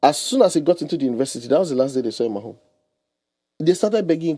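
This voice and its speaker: A man, giving lively advice as a guest on a radio talk show, explaining with everyday examples and laughing often. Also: fairly high pitch, fast, dry recording. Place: radio studio.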